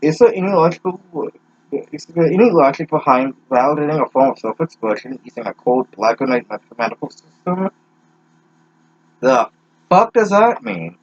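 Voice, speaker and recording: Young man, sarcastic reader, stumbling delivery, husky voice, dry lo-fi sound. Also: medium pitch, expressive, a little fast, darkish tone, no echo. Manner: sarcastic, stumbling over words. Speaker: reader mocking a fanfic. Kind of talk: comedic reading with profane asides.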